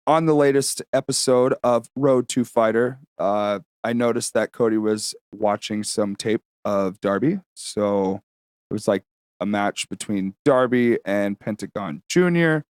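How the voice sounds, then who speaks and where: A man's voice: on the low side, unhurried, a little mellow, clean tone, dry recording, studio quality. Rambling man hosting a podcast. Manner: rambling, many fillers, swears freely. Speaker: podcast co-host. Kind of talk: casual chat.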